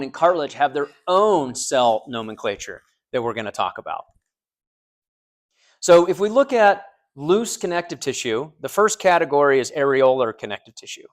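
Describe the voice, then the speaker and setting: A man lecturing a small university class, joking and quizzing students, with frequent restarts. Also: fairly high pitch. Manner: joking, asks the class questions, repeats students' answers; frequent restarts and fillers, loose conversational delivery.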